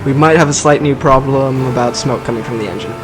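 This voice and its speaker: A man's voice: mid-range voice, fast, over music. A man casually commenting over his own gameplay, cracking dry jokes and rambling through side remarks. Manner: dry, joking, rambling asides. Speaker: let's play host.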